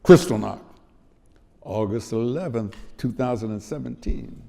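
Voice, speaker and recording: A man's voice: mid-range voice, expressive, measured pace, vocal fry, a little mellow. A man in his eighties giving an emotional speech at an award event, telling stories with repetitions. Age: 80s. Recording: long hall reverb.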